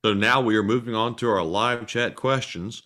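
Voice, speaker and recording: A man co-hosting a livestream, reading out viewer donations and questions in a plain, steady way. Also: lowish voice, normal speed. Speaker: co-host reading super chats.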